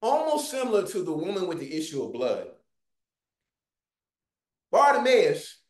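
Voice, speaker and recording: A preacher delivering a fervent sermon, often shouting and calling out to the congregation, recorded in a church. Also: mid-range voice. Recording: echoey room.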